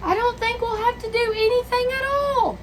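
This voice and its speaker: A woman's voice: extremely high pitch, normal speed, a little hiss or hum, voice pushed up. A woman reading a firm little girl. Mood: matter-of-fact. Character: young girl, firm and practical.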